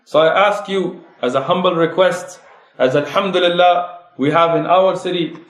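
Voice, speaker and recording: A man delivers a fervent sermon, pressing his listeners with one rhetorical question after another. His voice sits high for a man. The sound rings around a roomy mosque prayer hall. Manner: impassioned, rhetorical questions, rising emphasis. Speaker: preacher.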